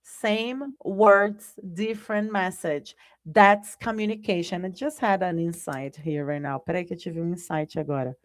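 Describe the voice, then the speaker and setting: A woman teaching a live online English lesson, speaking deliberately and often checking in with "right?". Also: lowish voice.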